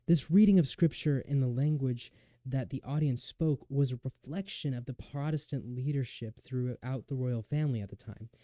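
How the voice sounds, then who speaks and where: A young man narrating a lecture recital in an earnest, measured way, with occasional restarts. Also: mid-range voice, dark tone, no echo. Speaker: student lecturer.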